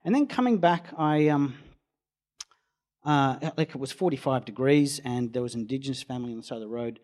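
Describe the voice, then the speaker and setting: A man's voice: medium pitch, brisk. A man with an Australian accent, a storm chaser telling a rambling anecdote in an interview. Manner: rambling storyteller, acts out quoted voices loudly.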